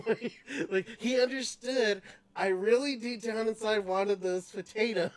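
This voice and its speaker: A woman's voice: mid-range voice, steady tone, a little slow. A woman hosting a podcast, chatting casually with lots of laughter and fillers. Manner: laughing often, many fillers. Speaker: podcast host. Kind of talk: casual chat.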